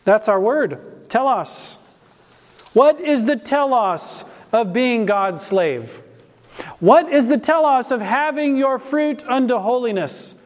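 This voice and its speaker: A man's voice: extremely high pitch, big-room sound. A man preaching an expository sermon in a church, asking rhetorical questions and stressing key words.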